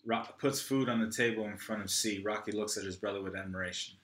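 A man's voice: lowish voice, fairly even intonation, fast talker, fairly bright tone, reverberant. A man reading stage directions and several parts aloud at a virtual script reading. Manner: reads directions plainly, rises sharply into angry lines.

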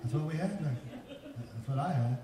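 A man's voice: on the high side, expressive, normal speed, dark tone. A man in his fifties preaching a sermon in a church, telling folksy stories and building to emphatic peaks. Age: 50s. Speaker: pastor. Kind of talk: sermon with personal storytelling. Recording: echoey hall, distant mic, faint noise.

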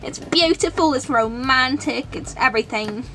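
A woman's voice: sits high, normal speed, pushed and bright. A woman voicing a vain, bossy mother pony in a toy fan drama, talking in a pushy, dismissive way. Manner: pushy, dismissive, self-satisfied.

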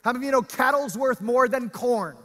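A male pastor preaching a sermon, reading scripture aloud with drawn-out, half-sung emphasis and stirring the congregation. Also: extremely high pitch, fairly bright tone, big-room sound.

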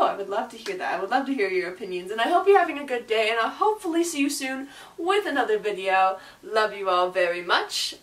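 A young woman reacting to a music video as a gushing, excitable fan in a casual vlog. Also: on the high side, a little fast, roomy sound, far from the mic, low-quality recording.

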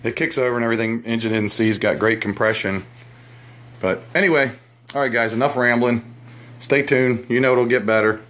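A man's voice: medium pitch, fairly even intonation, fairly quick, fairly bright tone. A man vlogging from a small cluttered basement shop, out of breath and rambling, often correcting himself and apologizing. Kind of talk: casual rambling vlog.

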